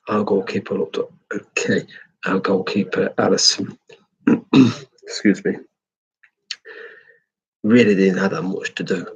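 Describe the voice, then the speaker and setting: A man's voice: medium pitch, slightly rough, muffled recording. An English man giving an opinionated, rambling football match review, swearing freely. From England.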